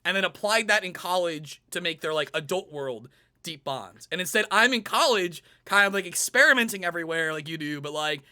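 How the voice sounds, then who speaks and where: A man's voice: sits high, fairly quick, clear, resonant tone. A young man on a panel, telling a personal story in casual chat and acting out his own past remarks. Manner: animated, quotes himself in lively acted-out asides. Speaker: panel guest.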